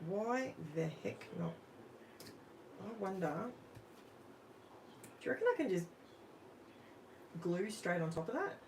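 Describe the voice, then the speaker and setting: A woman's voice: mid-range voice, expressive, takes it slowly, pauses often, a little mellow, slight background noise. A middle-aged woman with an Australian accent, chatting casually with viewers on a live craft stream in her home craft room. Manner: chatty, talks straight to viewers in the chat while crafting. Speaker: craft channel host. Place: home craft room under overhead lights.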